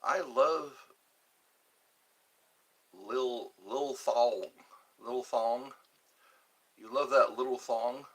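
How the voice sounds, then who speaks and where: Slow-talking rambling man on a livestream. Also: medium pitch, fairly bright tone, slight background noise. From Georgia, USA. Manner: rambling, reads chat aloud, chuckles to himself. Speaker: livestream host. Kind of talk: casual live-stream chat.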